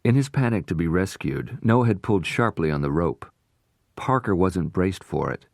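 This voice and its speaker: Very deep-voiced male audiobook narrator. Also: animated, normal speed, creaky, darkish tone, dry recording, studio quality. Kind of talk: scripted narration.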